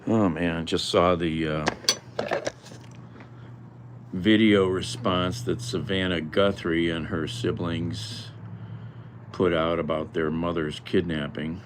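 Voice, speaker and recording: A man's voice: deep voice, steady tone, slow, long pauses. A man vlogging his day at home, talking to himself while he cooks and does chores. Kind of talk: casual daily vlog. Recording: noisy room ambience.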